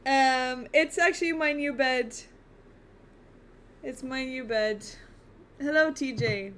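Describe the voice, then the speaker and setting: A woman's voice: sits high, steady tone, moderate pace, a bit bright. A woman streaming live chess, muttering reactions to herself and chatting to viewers between moves from her bedroom at home. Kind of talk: casual live-stream commentary while playing.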